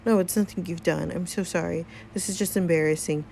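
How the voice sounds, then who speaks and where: A woman's voice: fairly low pitch, fairly even intonation, a little fast, creaky, mellow, a little hiss or hum. A woman voicing a weary middle-aged mother in a story game, hesitant and apologetic.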